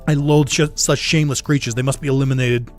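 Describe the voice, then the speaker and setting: A haughty male demon lord from a video game speaks with a put-on Boston accent, as a streamer reads his lines. He talks in stiff, formal, contemptuous sentences, pushing a little higher and louder than everyday talk, with faint game music behind. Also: steady tone, fast talker, natural voice.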